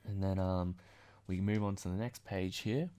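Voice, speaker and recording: A man's voice: low voice, steady tone, moderate pace, dark tone, smooth. Chatty man rambling through a comic recap. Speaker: video host.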